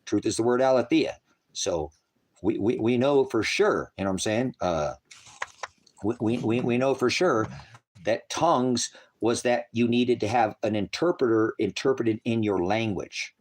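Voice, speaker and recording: A man preaching on a livestream, profane and mocking, reads out viewer comments and argues with them. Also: a little slow. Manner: mocks others in shrill put-on voices. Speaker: online preacher. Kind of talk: livestream preaching, reading chat.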